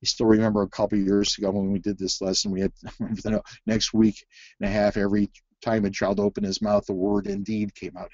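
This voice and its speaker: Halting man with a low voice. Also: flat delivery, darkish tone, dry recording, muffled recording. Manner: halting, many fillers and restarts. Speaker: reading teacher presenting a webinar. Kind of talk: webinar presentation.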